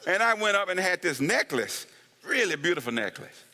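A man's voice: high voice, normal speed, long reverb tail. A man preaching a humorous sermon, laughing often, whooping and calling for amens. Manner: animated, laughing, shouts of woo, asks for amens. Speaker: pastor.

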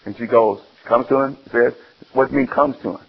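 A male preacher giving an animated sermon, acting out the scenes and putting questions to his listeners. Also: mid-range voice, brisk, gravelly, breathy edge, highs cut off.

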